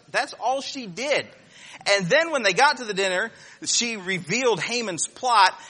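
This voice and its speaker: Man preaching a sermon, bright tone, slightly high voice, folksy storyteller, acts out voices, goes quiet and low on serious points. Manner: drops to a quiet, low voice when turning serious.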